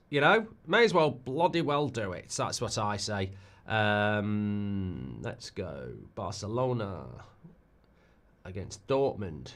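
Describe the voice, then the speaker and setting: Speaking slowly in a fairly low voice, a middle-aged man hosts a live football watchalong. His excitable, rambling delivery is full of repeated words and restarts.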